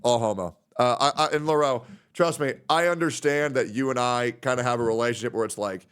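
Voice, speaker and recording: A man's voice: mid-range voice, fairly quick, a bit bright, smooth. A man streaming live who rambles, swears freely and gets openly emotional while reading out messages from friends. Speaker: livestreamer. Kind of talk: casual stream chat.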